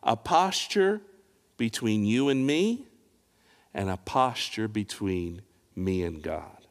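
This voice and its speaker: A man's voice: on the low side, lively intonation, slow pace. Man preaching in an echoing hall. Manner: dramatic, rising and falling preaching with rhetorical questions. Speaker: pastor. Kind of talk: sermon. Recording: long reverb of a large hall.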